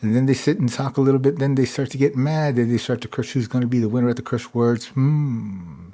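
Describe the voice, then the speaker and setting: A man's voice: medium pitch, little pitch movement, fast, warm tone. A man hosting a live stream, talking in a rambling, repetitive monologue that keeps circling back to "it's true.". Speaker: livestream host.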